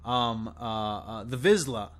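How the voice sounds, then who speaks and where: Taking a slow pace over soft background music, a video creator delivers an impassioned solo rant about a show. He's exasperated, swearing and sputtering, his voice pitched high and swooping.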